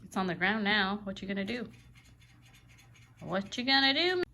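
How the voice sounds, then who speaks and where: A woman's voice: medium pitch, lively intonation, moderate pace, bright, forceful tone, a little hiss or hum. A woman filming her pet bird, scolding it firmly and cooing to it in baby talk while chatting to viewers. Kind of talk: casual vlog talking to a pet and viewers.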